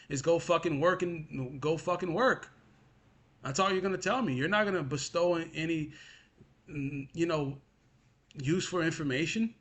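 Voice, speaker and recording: A young adult male vlogger vents to his viewers in a frustrated monologue, repeating himself, cursing, and calling the listener "bro." His voice is a little high, pushed and bright.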